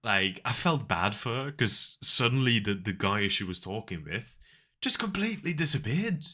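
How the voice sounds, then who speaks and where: Rambling, lively-voiced male streamer. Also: on the low side, normal speed. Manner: rambling storyteller who laughs often. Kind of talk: casual chat with viewers.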